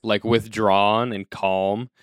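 A man co-hosting a podcast in a casual recap chat, walking through scenes and laughing as he quotes the characters. His voice is smooth and resonant, and it sounds dry and close to the mic. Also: fairly low pitch, flat delivery, takes it slowly, no room sound. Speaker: podcast co-host.

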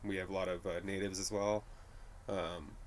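Very deep-voiced New Mexican man. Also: moderate pace, slight background noise. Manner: relaxed, laughs easily, many fillers. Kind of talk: casual conversation.

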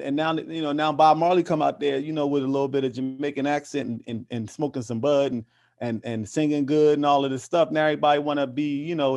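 A man's voice: medium pitch, gravelly, darkish tone. A man talking in a casual interview with real conviction. His voice sits in an ordinary middle range, and he repeats and restarts phrases as he drives each point home. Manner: passionate, emphatic, repeats words when building a point. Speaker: interview guest, activist.

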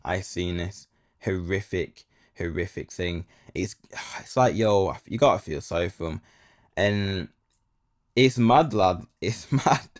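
A man's voice: low-pitched, slow pace. A young man, telling a casual story full of slang and repeated phrases.

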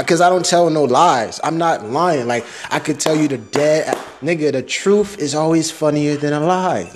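A young man rambling through a casual, profane audio diary, laughing at his own jokes. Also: fairly high pitch.

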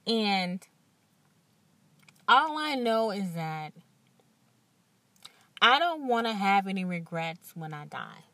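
A woman hosting a podcast, telling stories in an animated, candid way and acting out what others said. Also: mid-range voice, slow pace, long pauses, dry recording. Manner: animated storytelling with acted-out quotes and frequent laughs; emphatic and candid. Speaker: podcast host. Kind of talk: casual monologue.

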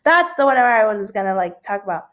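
A woman's voice: medium pitch, big pitch swings, a little fast, a bit bright. A young woman hosting a casual celebrity gossip show, rambling with lots of fillers and the odd yawn. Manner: rambling, filler-heavy, yawns now and then. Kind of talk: casual chat.

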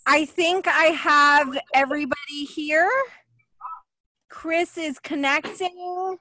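High, bright-voiced livestream host woman. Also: fairly even intonation, slow, no echo. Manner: emotional, chatty, many fillers. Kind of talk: casual livestream chat.

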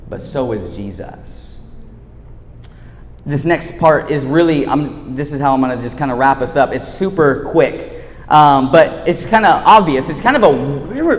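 A man giving a casual sermon, laid-back and slangy, swinging between hushed and loud. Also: on the high side, slight background noise. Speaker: preacher. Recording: echoey hall reverb.

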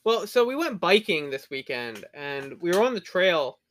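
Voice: mid-range voice, very animated, normal speed, a bit bright. A podcast co-host telling rambling anecdotes in casual chat, with filler words and swearing.

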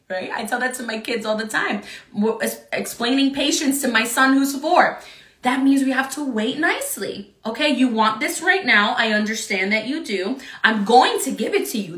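Woman preaching, high voice, earnest, echoey room. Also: expressive, normal speed, bright, forceful tone. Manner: earnest, with frequent "right?" and scripture quotes. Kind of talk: sermon.

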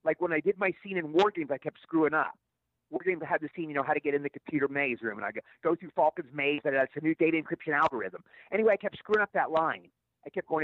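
A middle-aged man, an actor guest, telling stories in an interview in a rapid, stammering way with repeated words. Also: on the high side, no room sound. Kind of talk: storytelling interview answers. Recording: tinny phone line, dry.

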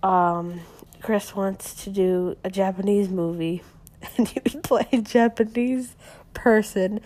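A young woman talks through a show recap in a loose, meandering way, with her voice sitting at an ordinary middle pitch. She leans on "like" and "um," often restarting her sentences, and sounds relaxed and unscripted. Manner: rambling, heavy use of "like" and "um", frequent self-corrections. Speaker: podcast recapper. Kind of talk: casual recap monologue.

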